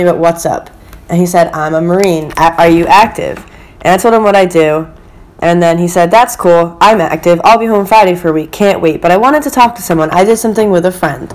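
A young woman co-hosting a casual podcast laughs as she retells messages from dating apps. Her voice sits fairly low with a darkish tone, and she's a chatty storyteller who laughs at her own anecdotes.

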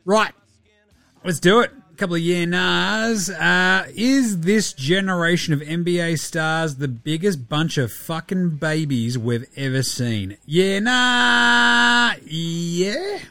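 A man's voice: a little high, unhurried, a bit bright, no room sound, soft background music. A man with an Australian accent hosting a podcast in casual sports chat, blunt and sweary, often mocking others in put-on quotes. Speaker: podcast host.

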